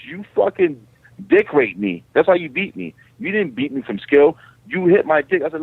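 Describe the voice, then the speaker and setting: Profane fighter on a tinny phone line. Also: male voice, fairly high pitch, fairly quick, vocal fry, breathy edge, no room sound. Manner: profane, animated storytelling. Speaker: guest fighter. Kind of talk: casual interview.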